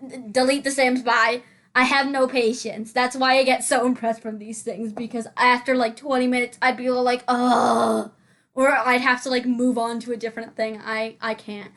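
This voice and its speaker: A woman's voice: on the high side, level tone, normal speed, few pauses, fairly bright tone. A young woman hosting a game-building video, chatting casually in a rambling, giggly way with lots of fillers and restarts. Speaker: Sims building channel host. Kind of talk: casual voice-over chat.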